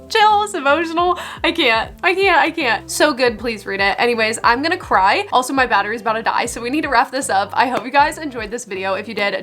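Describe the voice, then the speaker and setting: A young woman vlogging her book reviews, gushing and emphatic, repeating herself in quick bursts as she recommends her favorites. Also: fairly high pitch, fairly bright tone. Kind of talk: enthusiastic book review vlog.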